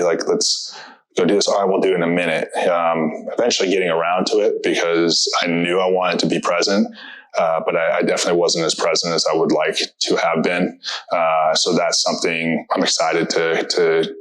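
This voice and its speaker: A man in his thirties gives a personal testimonial, his voice low and heavy. He speaks in an even, level tone and stays steady, pausing and restarting as he reflects on his words. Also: poor audio. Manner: halting, reflective, many fillers and restarts. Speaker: interviewee.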